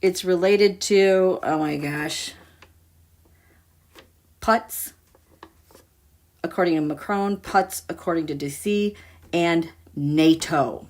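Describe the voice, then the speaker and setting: A woman's voice: lowish voice, takes it slowly, pauses often, darkish tone. A woman giving a casual tarot reading to her viewers, musing and dramatic as she talks through the cards. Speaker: tarot reader.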